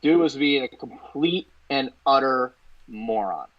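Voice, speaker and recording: Male co-host, mid-pitched, relaxed storyteller, slightly muffled lo-fi recording. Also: measured pace. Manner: casual, conversational anecdotes. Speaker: sports talk co-host. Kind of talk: casual storytelling. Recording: slightly dull lo-fi audio.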